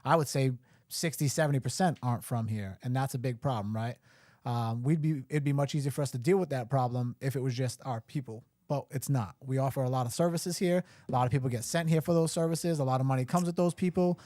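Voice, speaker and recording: A man's voice: mid-range voice, fast talker, dark tone, no room sound, studio quality. A man running for mayor, talking bluntly and emphatically on a live show. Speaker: mayoral candidate guest.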